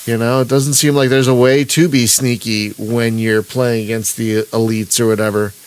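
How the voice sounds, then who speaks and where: A man's voice: medium pitch, level tone, moderate pace, slight background noise. A man hosting a gaming stream, talking casually and rambling over his gameplay with restarts and chuckles. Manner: rambling, self-interrupting, chuckling. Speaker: gaming channel host. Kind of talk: live-streamed gameplay commentary.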